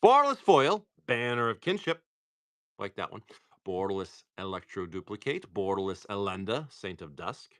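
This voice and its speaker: A man's voice: fairly low pitch, big pitch swings, normal speed. A man hosting a live stream, opening card packs and upbeat as he thanks viewers by name.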